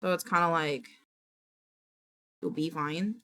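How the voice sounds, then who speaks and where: A woman streamer chatting casually with her viewers, animated and quick to laugh and apologize. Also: deep voice.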